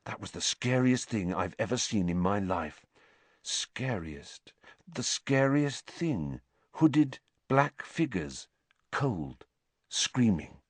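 A man voicing a shaken schoolboy who talks in a hushed, awed way in an audiobook. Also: medium pitch, very animated, normal speed, slightly rough, no room sound.

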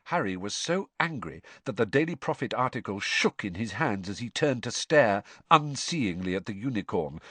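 A man narrating an audiobook in an expressive, measured way. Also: low-pitched, no echo.

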